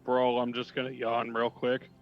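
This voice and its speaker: A man's voice: mid-range voice, monotone, moderate pace, dull audio, music in the background. A man playing a tabletop game in a playful way, often laughing. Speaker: player. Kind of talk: casual tabletop play.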